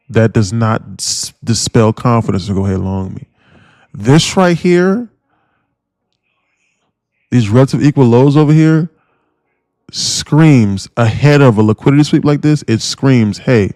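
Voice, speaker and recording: A man streams live market commentary in a rough, gravelly voice at a middling pitch. He pushes his points hard, repeats himself and restarts sentences as he goes. The sound is dry and close, with no room echo. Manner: animated, repetitive and emphatic, with frequent restarts. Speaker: day trader streaming live.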